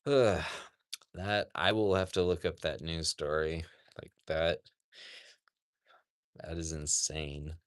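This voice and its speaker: A man with a very low voice chats casually on a livestream from outdoors at an animal sanctuary. He talks slowly and rambles, with plenty of "like" and soft asides to the animals. His voice is close and dry, with little room around it. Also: steady tone, no room sound. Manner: rambling, says "like" often, talks softly to animals.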